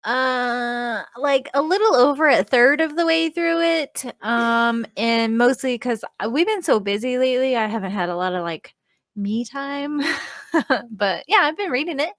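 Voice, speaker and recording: A woman's voice: a little high, expressive, normal speed, fairly bright tone, no room sound, clean studio sound. Giggly woman chatting on a livestream. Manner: giggly, bubbly. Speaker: co-host. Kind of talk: casual chat on a livestream.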